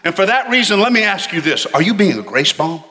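Bright-voiced preacher in a reverberant church. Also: male voice, sits high, a little fast. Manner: animated, asks the congregation to respond. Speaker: pastor. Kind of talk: sermon.

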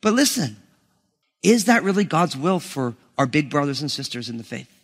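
A man's voice: on the high side, sing-song, moderate pace, fairly bright tone, husky. A man in his thirties preaching a sermon as a pastor, emphatic and joking with the congregation. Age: 30s. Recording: long hall reverb.

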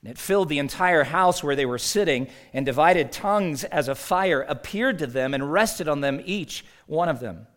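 A man preaching a sermon in a slightly higher-pitched voice. He talks to his congregation conversationally, with rhetorical questions, and reads scripture aloud. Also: animated, normal speed, hardly any pauses, fairly bright tone. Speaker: pastor.

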